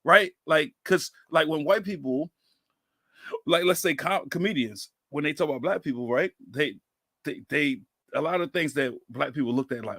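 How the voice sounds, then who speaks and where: A man in his thirties hosting a podcast in casual chat, telling animated stories and acting out quoted voices. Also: medium pitch, moderate pace, dry recording, clean studio sound. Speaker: podcast host.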